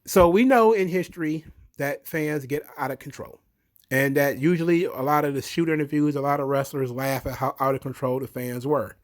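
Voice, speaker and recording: A man's voice: fairly high pitch, moderate pace. A man giving a blunt, opinionated, rambling commentary monologue as a show host.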